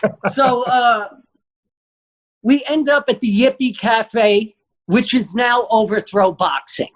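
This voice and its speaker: A man, a guest comedian telling an animated, profane story and acting out the quotes. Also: very high-pitched, slow, rough recording.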